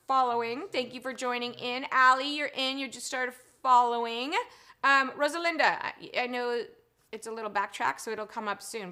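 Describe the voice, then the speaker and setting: A high, bright woman's voice hosts a live stream, gushing over her viewers as she reads their chat messages. She is middle-aged and talks in an effusive, rambling way, sprinkled with "um" and "you guys". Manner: effusive and gushing, chatty with frequent 'um' and 'you guys'. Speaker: live-stream show host.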